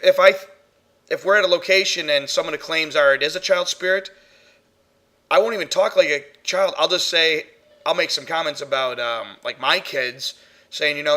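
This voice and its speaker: A man hosting a casual paranormal podcast, chatty and quick to laugh while telling stories. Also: on the high side, pushed and bright. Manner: laughs often, chatty storyteller. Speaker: podcast host, paranormal investigator.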